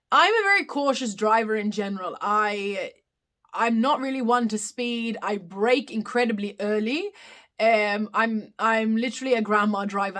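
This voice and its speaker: A woman's voice: on the high side, bright, forceful tone. A woman hosting a casual live-stream Q&A, answering viewers in a candid, self-deprecating way with hesitant restarts, on a phone mic. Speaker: host answering viewer questions.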